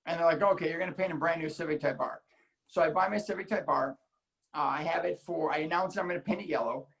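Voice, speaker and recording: A man from Illinois telling a story in casual chat, animated and acting out the voices he quotes. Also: fairly high pitch, fast talker, creaky, poor audio. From Illinois, United States. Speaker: guest car enthusiast.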